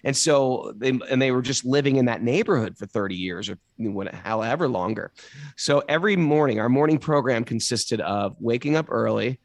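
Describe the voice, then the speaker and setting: A middle-aged New Yorker with a New York accent and a gravelly, medium-pitched voice tells stories as a guest, recorded with no echo. His casual, colorful anecdotes come with light swearing, and he acts out the quotes.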